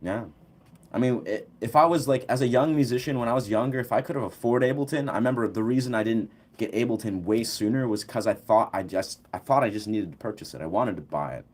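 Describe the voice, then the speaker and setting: A man's voice: medium pitch, fast talker, a little mellow. A young man hosting a casual livestream, chatting with viewers in a loose, rambling way full of fillers. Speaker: livestream host. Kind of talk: casual chat answering viewers.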